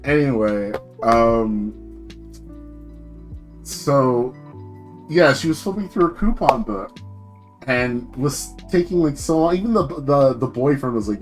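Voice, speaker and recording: A man's voice: medium pitch, lively intonation, measured pace, long pauses, faint music behind. A young man streaming, telling a long, profane story about his work in casual slang and acting out what other people said. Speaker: VTuber streamer.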